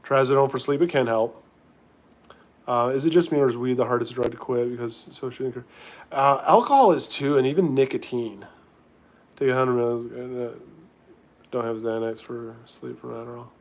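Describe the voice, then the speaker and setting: A man's voice: medium pitch, moderate pace. A man hosting a casual live stream, reading viewer questions aloud and answering them offhand. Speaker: livestreamer in recovery.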